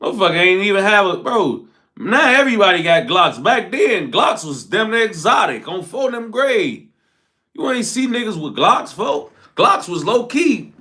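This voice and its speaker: A young man telling a story in casual street slang, animated and quick to laugh, tagging his sentences with "folks" and "bro.". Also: high voice. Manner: animated slang-heavy recounting, frequent "folks" tags. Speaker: storyteller host.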